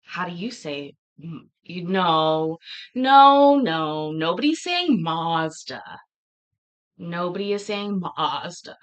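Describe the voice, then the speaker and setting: A woman's voice: fairly low pitch, lively intonation, measured pace, hardly any pauses. A woman with a Canadian accent hosting a casual livestream chat, laughing and playfully arguing with viewers about how words are said. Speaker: livestream host.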